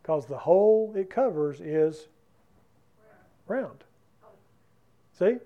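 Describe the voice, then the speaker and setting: A man's voice: high voice, animated, drawn-out words, muffled recording. A man teaching a Bible study in a church class room, talking conversationally and keeping the group involved by asking them questions.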